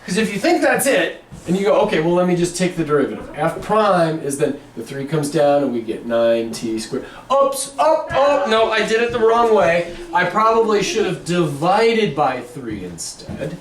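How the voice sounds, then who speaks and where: A man's voice: sits high, very animated, measured pace, few pauses, far from the mic. Chatty male math lecturer, echoey room. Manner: chatty, self-correcting, jokey. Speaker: calculus lecturer. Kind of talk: classroom lecture. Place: classroom. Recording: echoey classroom with background noise.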